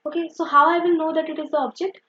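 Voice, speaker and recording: A woman's voice: high-pitched, level tone, fast talker, a bit bright. A young woman teaching grammar, explaining step by step and often saying "okay" and "so" as she corrects herself. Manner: repetitive, uses "okay" and "so" often, self-correcting. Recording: dull lo-fi recording.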